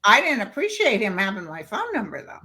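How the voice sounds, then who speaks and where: A woman guest telling stories in casual chat, lively and acting out the voices of people she quotes. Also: medium pitch, fairly quick, background noise. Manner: lively storyteller who acts out quoted voices.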